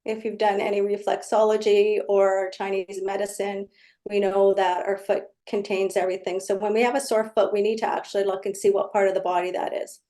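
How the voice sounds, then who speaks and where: A woman's voice: mid-range voice, little pitch movement, a little fast, dark tone. A woman energy healer explaining her work in casual conversation, telling client stories and acting out their exchanges. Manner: storytelling, acts out client exchanges.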